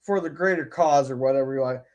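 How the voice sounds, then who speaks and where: A man's voice: mid-range voice, fast, a little mellow, lo-fi sound. A man hosting a casual podcast, talking bluntly with lots of swearing and stumbling restarts. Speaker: podcast host. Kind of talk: casual opinionated chat.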